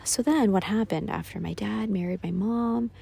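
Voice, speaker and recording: A woman hosts a confessional solo podcast in a voice full of vocal fry, sitting at a middling pitch. She sounds tired and talks candidly, mocks herself, swears and laughs often. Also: normal speed, dark tone. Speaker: podcast host.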